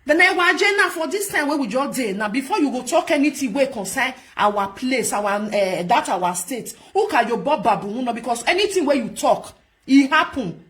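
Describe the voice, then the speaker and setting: A woman's voice: high voice, moderate pace. Scolding Nigerian Pidgin woman. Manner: scolding, repetitive, animated. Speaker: vlog host. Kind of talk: casual commentary rant.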